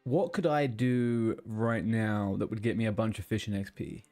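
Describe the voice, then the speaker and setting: A man's voice: fairly low pitch, steady tone, moderate pace, darkish tone, soft background music. A man streaming a game, chatting casually and rambling between tasks, swearing now and then. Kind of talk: casual gaming chat.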